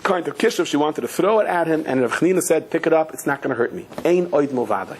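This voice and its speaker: A man's voice: quick pace, a little hiss or hum. A man, a rabbi giving a Torah class, telling stories with light humor and acting out quoted voices, mixing in Yiddish and Hebrew words. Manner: animated storyteller, acts out quoted voices with sudden high pitch.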